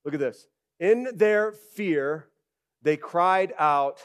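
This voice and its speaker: A man preaching a sermon as pastor in an animated, conversational way, rising to loud bursts and using casual fillers like "okay" and "right". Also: on the high side, takes it slowly, clean tone.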